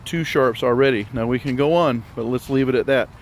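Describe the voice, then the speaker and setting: A man talks through a music theory lesson in a relaxed, step-by-step way, a little out of breath, his voice at an ordinary middle pitch. He is recorded outdoors, with loud wind and the rumble of vehicles behind him. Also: a little fast. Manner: explains step by step, rambling and relaxed. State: slightly out of breath. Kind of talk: casual spoken theory lesson.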